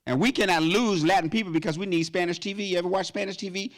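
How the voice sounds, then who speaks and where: A man in his fifties performing a stand-up comedy routine at a gala, animated and breaking into high falsetto song snippets. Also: fast. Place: event stage before a live audience.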